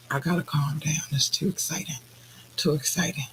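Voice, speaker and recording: A woman hosting a podcast in casual chat, bubbly and effusive, squealing with excitement. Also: low voice, unhurried, slight background noise. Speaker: podcast host.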